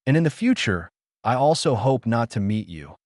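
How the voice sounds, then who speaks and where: A man voicing a calm, shrewd young female moneylender in an audiobook, speaking in an even, matter-of-fact way. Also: medium pitch, moderate pace, no echo, clean studio sound, lightly acted.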